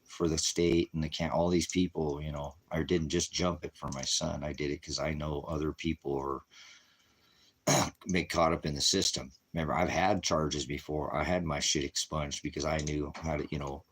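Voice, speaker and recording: A man's voice: rumbling low, steady tone, moderate pace, husky. A man who leads a ministry, rambling angrily in a profane monologue and swearing heavily. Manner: rambling, angry, heavy swearing. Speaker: ministry leader.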